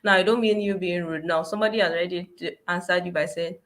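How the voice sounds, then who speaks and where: A woman's voice: on the low side, steady tone, fast, fairly bright tone, low-quality recording. A woman taking part in a mentoring session on a video call, explaining her view casually and saying "like" often. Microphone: video call microphone.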